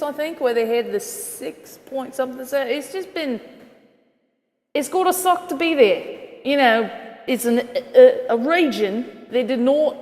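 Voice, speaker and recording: Chatty high-voiced woman, rambling. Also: darkish tone, long reverb tail. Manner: rambling, thinks aloud, corrects herself. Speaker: weather show host. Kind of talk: casual weather commentary.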